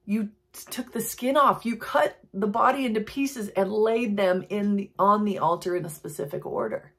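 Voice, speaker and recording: A woman giving an earnest, reflective Christian devotional talk, with tender emotion in her voice. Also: medium pitch. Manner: earnest, reflective, reads quotes slowly and softly. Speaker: Christian teacher.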